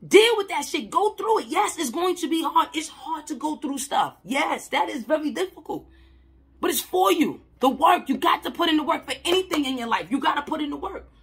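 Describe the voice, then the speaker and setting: A woman who works in mental health, telling a personal story to camera in a blunt, emphatic way, repeating herself and swearing casually, swinging between loud and soft. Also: high voice, expressive, fairly quick, vocal fry.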